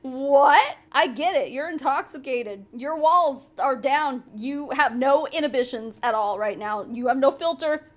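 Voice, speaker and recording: A woman's voice: high voice, moderate pace, few pauses. A young woman giving blunt, sarcastic commentary, swearing freely. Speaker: commentary YouTuber. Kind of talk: casual commentary.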